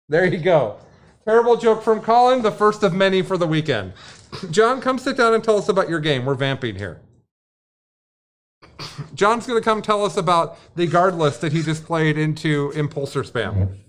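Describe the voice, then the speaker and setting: A man hosts a gaming livestream in a loose, rambling way, cracking jokes while he fills time. His voice sits a touch higher than most men's. The talk is casual and unscripted. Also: sing-song, moderate pace. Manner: rambling, jokey, filling time. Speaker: stream host.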